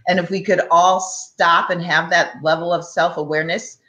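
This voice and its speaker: A woman's voice: on the low side, level tone, moderate pace, bright, forceful tone, muffled recording. A woman hosting an interview over a video call, responding to her guest and passing on viewer comments. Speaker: host. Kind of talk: interview chat. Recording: roomy echo.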